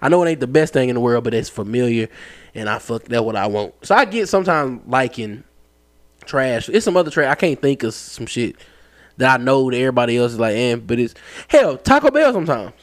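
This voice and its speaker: A man co-hosting a podcast, telling stories in a loose, slangy and animated way. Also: medium pitch, brisk. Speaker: podcast co-host. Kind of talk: casual chat.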